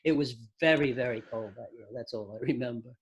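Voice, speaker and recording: A man telling stories from his music career as an interview guest, relaxed, with dry humor. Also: mid-range voice, a little fast, husky, dull audio. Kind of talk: casual interview storytelling.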